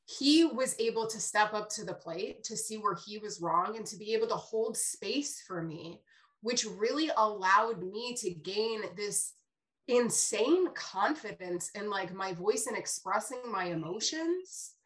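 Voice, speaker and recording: Open, animated young woman talking. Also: mid-range voice, a little slow. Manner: open, animated, laughs easily. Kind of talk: casual conversation.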